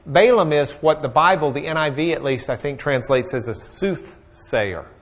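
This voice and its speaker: Teaching a Bible lesson, a man retells the story in a homespun, jokey style. His voice is a bit high, and he frequently pauses on filler words as he goes along.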